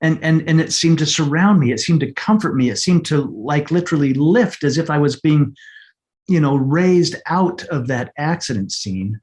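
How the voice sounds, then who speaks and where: A middle-aged man telling a personal story as an interview guest, earnest and halting, often repeating words as he searches for them. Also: fairly high pitch, expressive, a little mellow. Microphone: podcast microphone.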